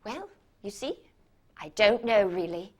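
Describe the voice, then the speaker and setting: Woman, stage monologue as a doctor, halting, stammering, unhurried. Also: mid-range voice, very animated. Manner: hesitant, self-doubting, halting with stammered restarts. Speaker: actor playing a hospital doctor. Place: stage performance.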